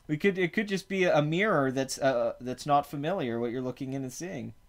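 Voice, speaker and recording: A man's voice: a little high, measured pace, long pauses. A man hosting a podcast in casual chat, rambling and correcting himself with many fillers. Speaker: podcast host.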